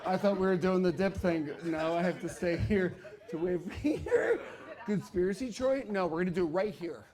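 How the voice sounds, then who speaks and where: A stand-up comedian telling a story on stage, acting out the people in it. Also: male voice, sits high, normal speed. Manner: animated, acts out the people in his story. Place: comedy club stage with a laughing audience.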